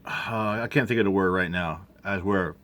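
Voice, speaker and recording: A man's voice: deep voice, fairly bright tone. Rambling man with lots of fillers. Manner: halting, many fillers and restarts. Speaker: commentator reacting to a video. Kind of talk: rambling casual commentary.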